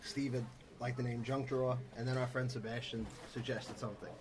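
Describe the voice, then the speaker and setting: A man's voice: mid-range voice, flat delivery, brisk. A man co-hosting a podcast over dinner, chatting in a dry, teasing way. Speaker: podcast co-host. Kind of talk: casual chat over dinner. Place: diner. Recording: noisy diner crowd and cutlery behind.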